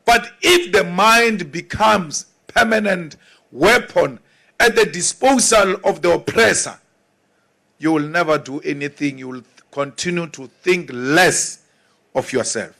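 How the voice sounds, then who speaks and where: Slow, emphatic man. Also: sits high, vocal fry, sharp tone. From South Africa. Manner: emphatic, deliberate, mocking asides. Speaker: political leader. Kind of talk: political speech.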